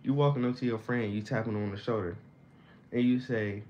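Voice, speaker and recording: A man's voice: medium pitch, steady tone, brisk. Young man, casual profane rant, dull lo-fi sound, faint hiss. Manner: slangy, profane, rambling with sudden loud bursts. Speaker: vlogger.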